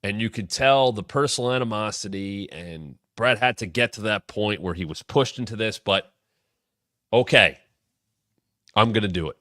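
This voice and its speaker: A man in his thirties with a bright, forceful voice, recapping old wrestling storylines with real enthusiasm. He talks casually and breaks into sudden energetic bursts. The sound is close and dry, with no room in it. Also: lowish voice, no echo. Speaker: wrestling show host. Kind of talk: casual retrospective commentary.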